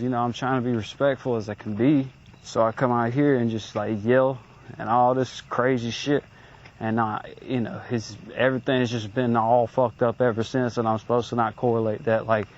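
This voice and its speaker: A man's voice: medium pitch, dull audio. A man in his late twenties venting in a profane, agitated rant, recorded outdoors on a handheld recorder. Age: late 20s.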